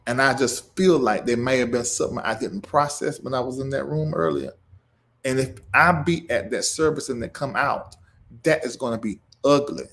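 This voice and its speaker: A man's voice: mid-range voice, lively intonation, normal speed, fairly bright tone. A man hosting a livestream, talking emotionally and preacher-like to viewers, laughing through grief and reading out their comments. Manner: reads viewer comments aloud and greets them. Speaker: livestream show host.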